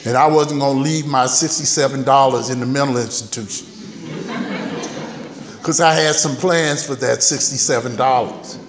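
Folksy man telling his story in an echoey hall. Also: on the high side. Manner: candid, humorous, folksy storytelling. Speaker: recovery speaker sharing his story. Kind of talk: storytelling talk at a recovery meeting. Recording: echoey hall, heard from a distance.

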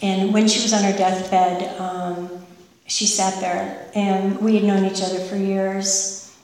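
A woman's voice: mid-range voice, level tone, darkish tone, recorded from a distance. Woman sharing her story in an echoey hall. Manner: candid, emotional, halting with fillers. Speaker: recovery meeting speaker. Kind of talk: personal testimony.

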